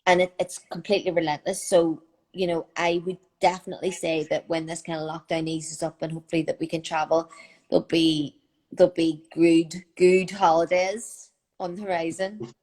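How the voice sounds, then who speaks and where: A woman's voice: on the low side, little pitch movement, moderate pace, darkish tone. A young woman with a Northern Irish accent, chatting casually as a guest on a live video call from home, with lots of fillers. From Northern Ireland.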